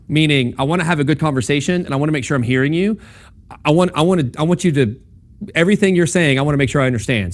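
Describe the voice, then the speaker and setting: A young man giving a casual classroom lecture on logic, talking conversationally with lots of ums and okays and checking in with his listeners. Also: mid-range voice. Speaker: campus ministry speaker teaching logic.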